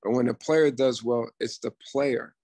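A man in his fifties with a gravelly, rough-edged voice tells his stories in a relaxed podcast conversation, slipping into the voices of the people he quotes. The sound is dry and close, with no room around it. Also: medium pitch, normal speed, no echo. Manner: storytelling, quotes himself and others in dialogue. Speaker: guest, former ballplayer and coach. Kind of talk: casual podcast chat.

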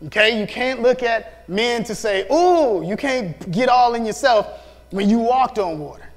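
Male youth pastor, high voice, lively storytelling sermon, reverberant hall. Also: a little slow. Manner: animated, acts out voices, laughs often.

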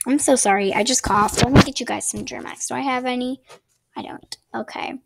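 Sitting at her home desk under a ring light, a woman who hosts a gaming channel talks through casual gameplay tips on her laptop's built-in mic. Her voice is a little high, a little slow and gravelly, and she rambles chattily with apologetic asides over heavy background noise.

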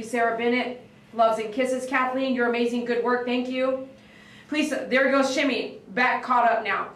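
A woman dog groomer chatting on a livestream, reading viewer comments and telling stories in an animated, excitable way that breaks into shouts. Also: on the high side, recorded from a distance. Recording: echoey room, voice away from the mic.

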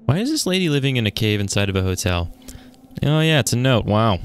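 A man's voice: mid-range voice, very animated, fairly quick, clean tone. A man giving jumpy, profane commentary while playing a horror game, talking to himself as he goes. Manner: jumpy, swearing, talks to himself. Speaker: gaming YouTuber.

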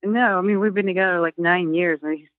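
A woman from Ukraine calling a podcast for advice, soft-spoken and a little hesitant. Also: fairly low pitch, steady tone, fast talker, no room sound. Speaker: caller. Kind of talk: phone-in advice chat. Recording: dull, lo-fi call line.

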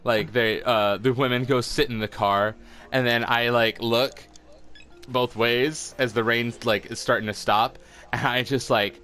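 A man's voice: medium pitch, fairly even intonation, measured pace, bright, forceful tone. A young man telling a rambling, sweary story in casual chat, laughing often between filler-heavy lines. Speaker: podcast co-host telling a story.

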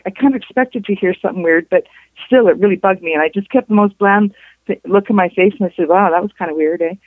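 A woman, a guest on a show, recounting a personal story in a halting way, with restarts and reported dialogue. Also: medium pitch, dry recording. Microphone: telephone. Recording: tinny phone line.

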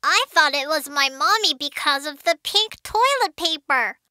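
A woman's voice: sits high, expressive, normal speed, sharp tone, a little hiss or hum, exaggerated voice. A woman voicing an eager little girl shark in a cartoon, who talks to the viewers in a sing-song way. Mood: curious.

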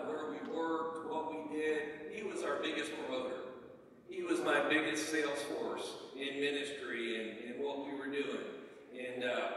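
A middle-aged man giving a eulogy for his father in a church, telling family stories in a plain, halting way with many "and, uh" pauses. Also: mid-range voice, a bit bright, slight background noise. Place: church sanctuary. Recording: echoey church hall, voice from far off.

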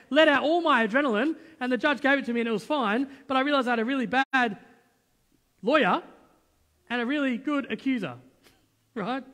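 A male pastor preaching a sermon, telling a personal story in a lively, conversational way with quoted dialogue. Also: very high-pitched, a little fast. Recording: long church hall reverb.

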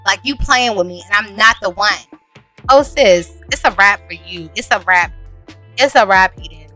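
A woman narrating a life-sim game, sassy and dramatic, with lots of slang. Her voice sounds bright and forceful. She talks to her viewers as if they were friends. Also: mid-range voice, moderate pace, soft background music. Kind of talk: casual gameplay commentary.

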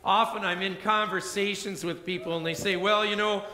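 A man preaching a sermon as pastor, telling a personal story and acting out the dialogue in a quieter voice. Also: sits high, fairly even intonation, normal speed. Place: church sanctuary. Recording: echoey church hall reverb.

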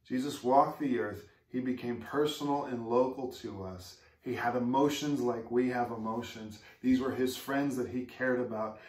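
A male pastor delivers an earnest, conversational sermon, often asking his congregation questions. His voice is neither high nor low. It rings through a roomy, echoing space and sounds as if it comes from some way off the microphone. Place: church sanctuary. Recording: echoey room, mic far off.

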